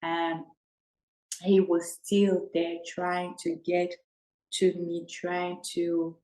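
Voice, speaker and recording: A woman sharing an emotional personal testimony as a self-help coach, earnest and halting with restarts. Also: fairly low pitch, completely flat delivery, warm tone, roomy sound, rough recording.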